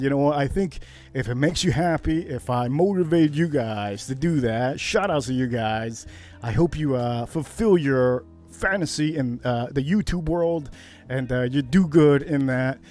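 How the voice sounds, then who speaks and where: A man hosting a casual whiskey livestream, rambling between topics and getting worked up as he talks. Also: fairly high pitch. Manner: rambling, animated, gets worked up. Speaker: livestream host. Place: Miami Beach.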